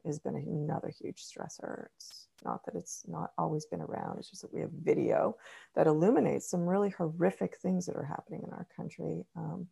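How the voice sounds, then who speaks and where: A middle-aged woman therapist and author, answering interview questions in a measured, explanatory way with frequent ums. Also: low voice, creaky, mellow, husky.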